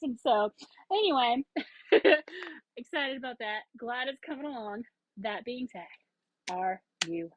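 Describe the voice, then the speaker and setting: A woman chatting excitedly in a casual haul video, rambling with fillers and bursts of enthusiasm. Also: a little high, no room sound, rough recording. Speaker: yarn vlogger.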